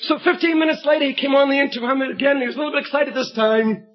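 Speaking quickly in a very high voice, a preacher reads scripture and spins an illustrative story, his emphatic storytelling broken by shouted bursts. The recording is dull and lo-fi.

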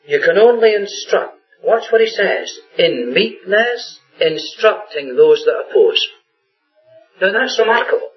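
A man preaching a sermon in an earnest way, often repeating phrases for emphasis. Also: high-pitched. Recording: dull lo-fi recording with faint music.

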